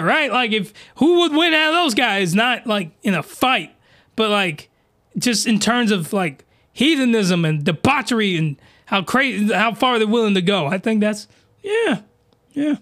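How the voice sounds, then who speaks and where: A man hosting a podcast, delivering an excitable, slangy, rambling comedic rant full of mockery. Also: high voice, dry recording, studio quality. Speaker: podcast host reviewing anime.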